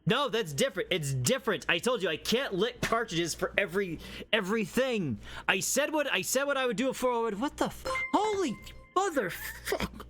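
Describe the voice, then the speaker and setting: A young man streaming a game live, chatting to his viewers in an excitable way, swearing often and laughing a lot. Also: sits high, brisk, faint music behind. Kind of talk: casual live-stream chat.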